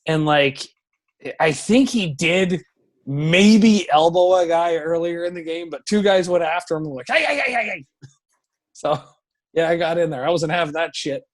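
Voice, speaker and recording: Male guest, thirties, a hockey goalie telling stories, higher pitch, swears a lot, acts out the shouting, lively. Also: normal speed. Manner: profane, animated storyteller who acts out shouting. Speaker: professional hockey goaltender, podcast guest. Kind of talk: casual storytelling interview.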